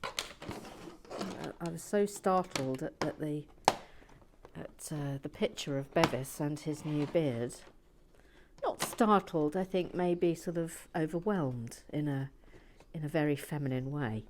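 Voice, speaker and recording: A woman hosting a relaxed brick-building video, soft-spoken and playful with dry asides that drift into whispers. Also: deep voice, slow pace, background noise. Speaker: host building toy brick sets.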